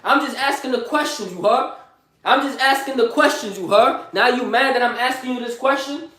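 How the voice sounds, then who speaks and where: A young man with a strikingly high voice hypes himself up in a live motivational vlog, boasting in street slang. He repeats lines over and over and keeps asking his listeners questions. His voice rings in an echoey room. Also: normal speed, bright, forceful tone. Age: young adult. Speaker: motivational vlogger.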